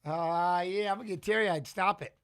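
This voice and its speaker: Excitable high-voiced man hosting a watch-along. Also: moderate pace, smooth. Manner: excitable, chatty, reads out chat messages. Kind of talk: casual live-stream commentary.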